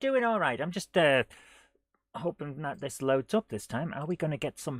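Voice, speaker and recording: A man's voice: fairly high pitch, very animated, moderate pace, dry recording. A man hosting a live game stream, chatting casually and rambling through jokey rhymes and silly asides while often laughing.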